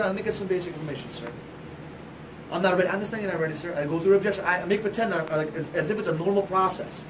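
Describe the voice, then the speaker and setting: A man giving a loud, passionate and profane motivational sales talk to a group, firing off rhetorical questions. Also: high-pitched, recorded from a distance, slight background noise, rough recording. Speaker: sales trainer.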